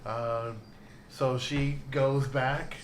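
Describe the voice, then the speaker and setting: A man's voice: mid-range voice, level tone, drawn-out words, echoey room, background noise. A man narrating as game master, easygoing and rambling.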